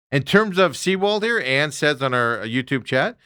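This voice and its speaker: A man's voice: mid-range voice, slow, no echo, studio quality. A middle-aged man hosting a sports talk show, ranting with strong opinions and mocking the people he talks about. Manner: animated ranting, mocking impressions of players.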